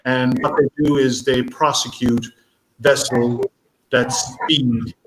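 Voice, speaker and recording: A man giving a conference talk as a marine biologist, speaking haltingly with many fillers and restarts. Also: mid-range voice, steady tone, a bit bright. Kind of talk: conference talk answering questions. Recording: echoey room, faint noise.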